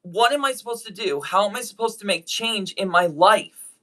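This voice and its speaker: With a medium-pitched, animated voice and a sharp tone, a YouTube voice actor apologizes directly to viewers. He sounds earnest yet hesitant, repeatedly breaking off and restarting sentences.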